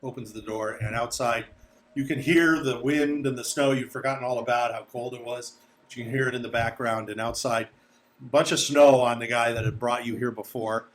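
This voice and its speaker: A man running a tabletop game as dungeon master, narrating haltingly with many filler sounds. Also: mid-range voice, steady tone. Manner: halting narration with many uhs, slipping into character voices.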